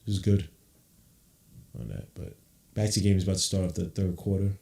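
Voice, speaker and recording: A man hosting a podcast, giving casual live play-by-play with loose slang and excited outbursts. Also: sits low, brisk, vocal fry, roomy sound. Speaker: podcast host. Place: room at home on camera.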